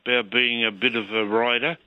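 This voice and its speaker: A man's voice: medium pitch, a little fast, no echo. Male caller on a dull line. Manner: relaxed, hesitant with ums. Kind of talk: casual phone-in chat. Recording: dull phone-line sound.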